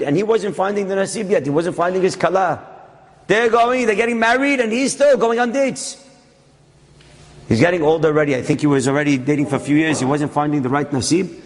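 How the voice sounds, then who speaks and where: Male rabbi, storytelling talk, animated and dramatic, fairly high voice, long hall echo.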